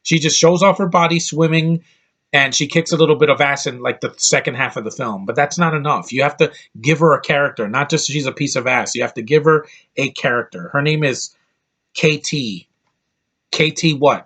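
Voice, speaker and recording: A man's voice: fairly high pitch, normal speed, fairly bright tone. A man giving an exasperated, blunt movie review rant, swearing freely and often repeating himself as he talks.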